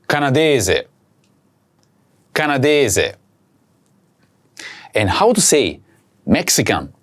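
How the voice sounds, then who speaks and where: Each word in this recorded language lesson is spoken slowly and repeated by a man whose mid-range voice moves through big pitch swings, giving learners a chance to practise.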